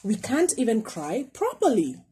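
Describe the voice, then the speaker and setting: A woman's voice: fairly high pitch, huge pitch swings, normal speed, background noise. A sad island man, as a woman reads him. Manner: mournful. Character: sad male island villager.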